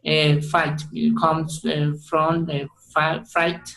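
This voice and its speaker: A male student with a mother tongue, presenting in a class over a video call. He talks haltingly, full of fillers and self-corrections. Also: fairly high pitch, completely flat delivery, bright, forceful tone, poor audio. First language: Spanish.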